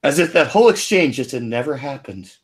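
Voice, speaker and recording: A man's voice: mid-range voice, lively intonation, brisk, breathy edge. A man narrating his character's actions in a tabletop game, in an easygoing way. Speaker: player.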